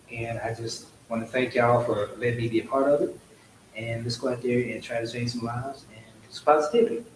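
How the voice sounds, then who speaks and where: A man's voice: medium pitch, darkish tone. A man giving a heartfelt, grateful speech at a live event. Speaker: guest speaker, company head. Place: hotel event hall. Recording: echoey hall, faint noise.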